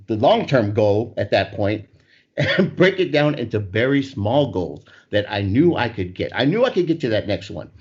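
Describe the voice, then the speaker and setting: A man's voice: mid-range voice, breathy edge. A man co-hosting a casual podcast, talking in a motivational way about breaking big goals into small steps. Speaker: podcast co-host. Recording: dull lo-fi sound.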